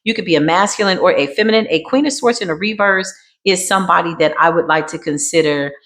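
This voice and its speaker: A woman giving a dramatic tarot card reading in a sassy way, dropping to a hush and then rising to emphatic bursts. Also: fairly low pitch, fast. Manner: sassy, dramatic, swings between hushed and emphatic. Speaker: tarot reader.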